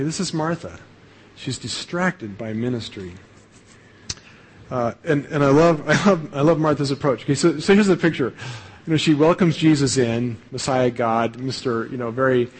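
A male pastor preaches conversationally, often tagging phrases with "right?" and restarting his sentences. His voice is medium-pitched and husky, and the audio is poor.

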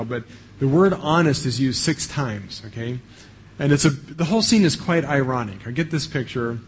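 A man's voice: medium pitch, breathy edge. A man preaching a sermon in a conversational way, with frequent fillers and asides. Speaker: pastor.

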